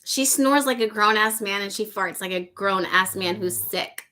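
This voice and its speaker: A woman hosts a relaxed live chat, reading out viewers' comments one after another. Her voice is bright and clear, and she is effusive, savoring lines by saying them again. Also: mid-range voice, moderate pace. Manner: effusive, repeats phrases to savor them, laughs often. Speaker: livestream host.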